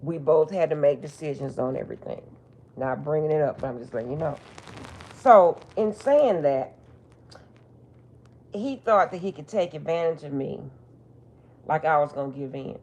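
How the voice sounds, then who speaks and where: A woman's voice: low voice, lively intonation, moderate pace, pauses often, a little mellow. A middle-aged woman, a spiritual reader, telling a personal story in a blunt, emphatic, profane way. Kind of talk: casual storytelling monologue.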